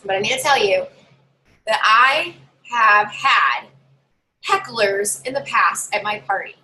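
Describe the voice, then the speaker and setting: A woman's voice: medium pitch, lively intonation, slow, bright, forceful tone, rough recording. A woman home party sales consultant giving casual, chatty tips to fellow sellers and acting out what her customers say.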